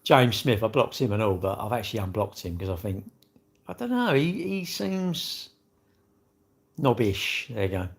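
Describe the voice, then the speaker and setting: A man's voice: lowish voice, sing-song, normal speed, creaky, husky. A man chatting on a casual livestream, rambling and joking about himself and greeting viewers. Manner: rambling, jokey and self-mocking, with asides to viewers. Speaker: livestream host. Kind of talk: casual live-stream chat.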